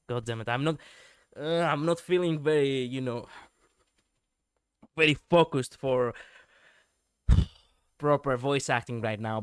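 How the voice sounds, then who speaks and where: A male streamer reviewing lore videos gives laid-back reaction commentary in a mid-range voice, close to his mic. The recording is clean with no echo, and he rambles with plenty of fillers and the occasional swear word.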